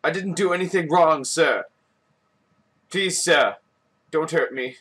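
A man's voice: on the high side, slow, fairly bright tone, slightly rough, pitched above the performer's own voice, exaggerated voice. A man voicing a frightened, timid young boy who pleads and whimpers. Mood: pleading.

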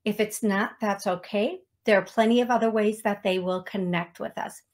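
A woman's voice: medium pitch, steady tone. A woman hosting a psychic medium live stream, chatting with viewers and calling out names and songs in a casual, self-deprecating way. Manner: slow, chatty, self-deprecating with small laughs. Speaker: psychic medium show host. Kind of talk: live-stream talk show, reading out names.

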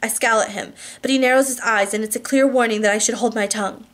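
A woman's voice: on the high side, steady tone, fast, a bit bright. A woman reading a romance novel aloud, with frequent restarts and slips. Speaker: audiobook reader.

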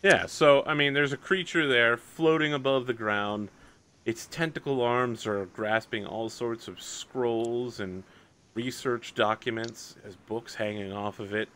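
A man acting as game master and describing scenes in a tabletop game, in a relaxed way and laughing easily. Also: mid-range voice, unhurried, clean tone.

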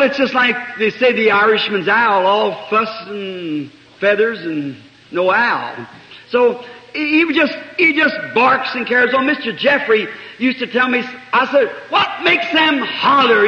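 A man with a very high, bright, sharp voice delivers an impassioned sermon, rising into shouts and dropping into soft asides. The sound is an old, dull 1960s tape with a long, roomy reverb from a large meeting hall. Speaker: preacher. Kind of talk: sermon with personal storytelling.

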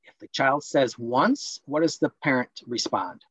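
A man presenting a parenting workshop online, explaining points and acting out scolding parents in quick role-plays. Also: medium pitch, a bit bright, breathy edge, no echo, poor audio.

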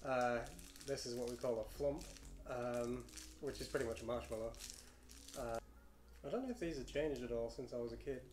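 A man's voice: medium pitch, moderate pace, a little mellow. A young British man chatting casually during a snack taste test, laid-back with dry remarks. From United Kingdom. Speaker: co-host. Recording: echoey room with background noise.

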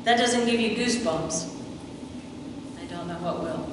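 A woman's voice: on the low side, unhurried, background noise. A woman preaching a sermon, retelling scripture and acting out the quoted lines as she goes. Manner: storytelling, acts out quoted lines. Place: church sanctuary. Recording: echoey hall from far off.

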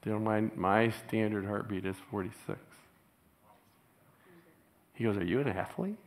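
Male pastor, lowish voice, chatty storyteller who laughs a lot while preaching in church. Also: moderate pace. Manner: storytelling, chuckles often, animated when quoting others. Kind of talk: sermon.

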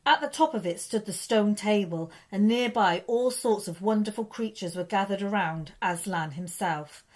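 A woman, a primary school teacher, reading a children's story aloud in an expressive, lively way. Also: medium pitch, normal speed.

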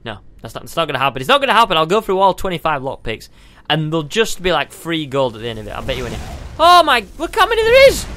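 Bright, excitable gamer guy. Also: fairly high pitch, racing. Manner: excitable, yelps and goofy exclamations. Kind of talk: let's play commentary.

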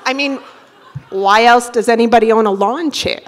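High-voiced profane storyteller woman. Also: normal speed, some chatter behind, slight background noise. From Boston area. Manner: profane, animated, comic, with rhetorical asides. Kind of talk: live personal storytelling. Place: theater stage before a live audience.

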